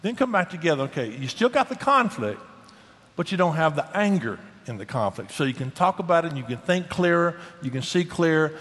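A man's voice: fairly high pitch, very animated, brisk, fairly bright tone. A middle-aged man talking about marriage in an earnest, folksy way, often restarting his words. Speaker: guest speaker on marriage. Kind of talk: casual Christian talk show conversation. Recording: long hall reverb.

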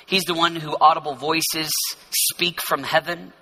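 A man who is a pastor, preaching an emphatic, repetitive sermon that swings from loud to hushed. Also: on the high side, steady tone, measured pace.

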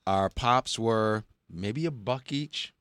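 A man's voice: lowish voice, takes it slowly, a bit bright, clear, resonant tone, no room sound. Middle-aged man, casual chat, laughs easily, reminiscing, dry close sound. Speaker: movie show host.

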